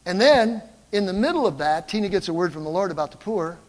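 An older man preaching a sermon, telling stories in an animated way and calling out to the congregation. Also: sits high, quick pace, long reverb tail. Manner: animated storytelling, calls out to the congregation. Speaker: pastor. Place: church.

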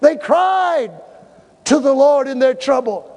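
A male pastor preaching a sermon in a church, telling funny stories and breaking into shouted exhortations. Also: very high voice, takes it slowly, in a large hall, lo-fi sound. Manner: animated, humorous storytelling with shouted exhortations. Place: church sanctuary.

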